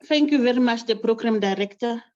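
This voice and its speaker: A woman's voice: on the high side, a little fast, darkish tone, highs cut off. A woman chairperson at a library event, emotional, reciting a poem in rhythmic repeated phrases. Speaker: branch chairperson.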